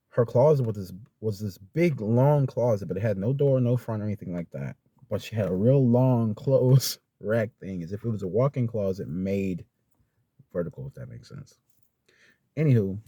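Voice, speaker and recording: A young male vlogger tells a personal story, sincere and rambling, with lots of fillers and restarts and close to tears at times. His voice is lowish, mellow and husky, with no echo.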